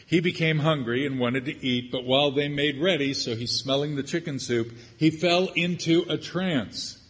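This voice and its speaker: A man's voice: on the high side, moderate pace. An older man preaching a sermon, with joking, conversational asides as he teaches from scripture. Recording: long hall reverb.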